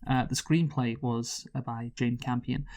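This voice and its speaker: A man's voice: mid-range voice, steady tone, measured pace, a little mellow. Man, podcast host, casual chat, joking, giggly, rambling, mid-range voice.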